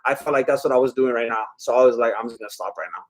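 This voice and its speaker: A man with a mid-range voice hosts a casual live watch-along stream, talking very fast. He eats while reading viewer comments aloud, chatty, a little scattered and laughing often.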